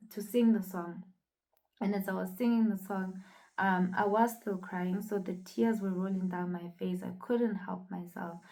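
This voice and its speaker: A woman's voice: medium pitch, dark tone, rough recording. A young woman from South Africa telling a personal faith testimony in an earnest, reflective way, with frequent fillers. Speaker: vlogger sharing a personal testimony. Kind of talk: casual personal storytelling.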